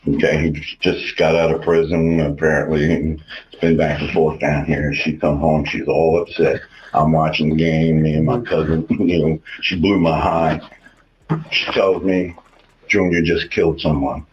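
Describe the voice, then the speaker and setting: A man's voice: very deep voice, level tone, normal speed. A middle-aged man in an interview clip from a show, recounting events in a plainspoken, matter-of-fact way. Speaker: interviewee, stepfather. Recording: dull, slightly noisy interview audio.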